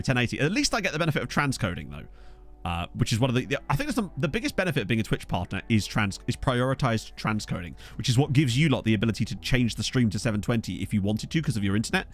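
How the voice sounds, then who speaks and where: Young man, streamer, rambling casual chat, lively pitch, faint music behind. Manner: rambling, chatty, addresses viewers. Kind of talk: casual live-stream chat while playing. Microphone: desktop USB mic.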